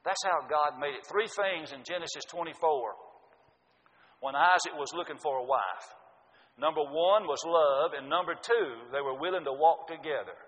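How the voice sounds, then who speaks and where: A man's voice: fairly high pitch, fairly bright tone. A man preaching a sermon, earnest and emphatic, citing scripture. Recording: dull lo-fi audio with long hall reverb.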